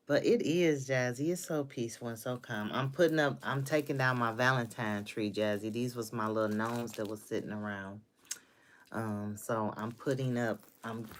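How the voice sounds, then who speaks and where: A woman's voice: extremely low pitch, slight background noise. A woman in her fifties chatting casually on a live stream from her home office, talking to viewers by name. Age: 50s. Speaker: livestream host.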